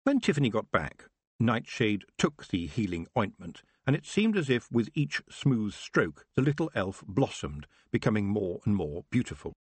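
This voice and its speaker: Husky low-voiced male narrator, expressive. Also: moderate pace, no echo. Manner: expressive storytelling. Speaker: audiobook narrator. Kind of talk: scripted narration.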